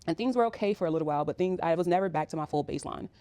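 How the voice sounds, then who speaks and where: A woman's voice: fairly low pitch, rapid-fire, warm tone, no echo. A woman in her thirties telling a personal story in a casual, rambling way, with many fillers. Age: 30s. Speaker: vlogger.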